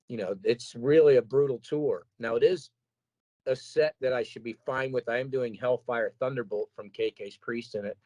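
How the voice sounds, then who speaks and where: A man who sings metal, chatting casually in an interview, rambling and animated as he tells stories about touring and keeping his voice in shape. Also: medium pitch, no room sound, poor audio. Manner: rambling, animated storytelling with quoted asides. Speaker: metal singer guest.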